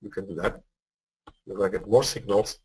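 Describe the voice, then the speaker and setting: A man's voice: lowish voice, steady tone, moderate pace, a little mellow, slightly rough, low-quality recording. A man presenting a live trading webinar, explaining step by step, often checking whether listeners follow. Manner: explanatory, asks for feedback, repeats words.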